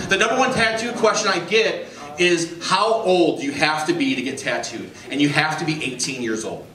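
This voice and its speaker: A man doing a stand-up comedy set in a club, telling stories deadpan and acting out his customers. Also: fairly high pitch, moderate pace, hardly any pauses, crowd noise. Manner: deadpan storytelling, voicing customers. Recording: roomy, distant, noisy club recording. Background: audience laughter.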